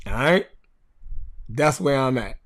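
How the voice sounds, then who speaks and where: A man's voice: mid-range voice, lively intonation, slow pace, fairly bright tone. A man with a Baltimore accent hosting a podcast, talking casually and bluntly to his live chat, cursing and repeating himself for emphasis. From Baltimore, USA. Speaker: podcast host. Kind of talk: casual livestream talk to a chat.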